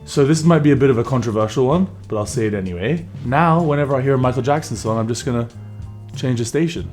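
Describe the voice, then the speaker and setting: A man, a band's bassist, giving easygoing, measured interview answers. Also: darkish tone, faint music behind. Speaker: band bassist.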